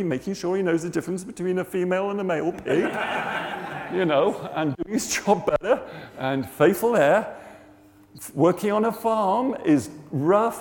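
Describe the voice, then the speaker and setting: A man preaching, telling a testimony in an animated way and acting out the people in it. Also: a little high, big-room sound. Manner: animated, acts out the people in his story. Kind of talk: sermon storytelling.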